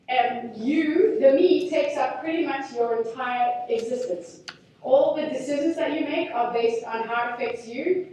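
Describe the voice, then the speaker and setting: A woman in her thirties giving a talk, telling stories in a candid, self-deprecating and animated way. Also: high-pitched. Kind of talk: storytelling talk. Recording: very echoey hall, mic far off.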